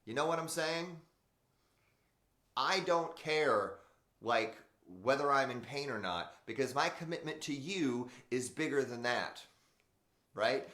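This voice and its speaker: A man's voice: mid-range voice, expressive, measured pace, sharp tone. A man hosting an unscripted motivational live stream, speaking emphatically, swearing and talking to his viewers. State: in pain, wearing back brace. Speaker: motivational show host. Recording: roomy echo.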